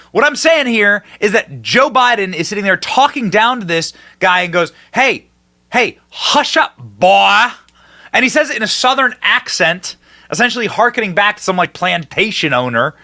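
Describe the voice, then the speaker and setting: A man's voice: high voice, bright, forceful tone. A man hosting a political commentary podcast, speaking sarcastically and mockingly, jumping between emphatic points and muttered asides.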